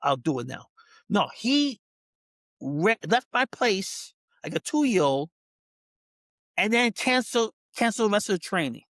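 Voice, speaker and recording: A man's voice: high voice, very animated, a little slow, a bit bright, no echo. A man who works as a dog trainer, a podcast guest telling a story in casual talk, full of restarts, who acts out other people's lines. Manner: frequent restarts and repeated words.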